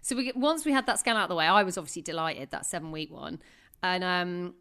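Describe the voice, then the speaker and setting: A woman's voice: on the low side, fast talker, background noise. A woman in her thirties co-hosting a podcast, chatting casually and laughing often as she tells a story. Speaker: podcast co-host. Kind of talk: casual chat.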